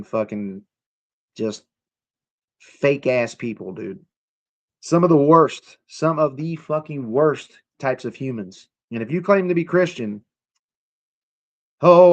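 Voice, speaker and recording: Man, young adult, from the United States, live streamer, heated profane rant, argues with chat, mid-pitched voice. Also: highs cut off. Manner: profane, combative, answers chat directly.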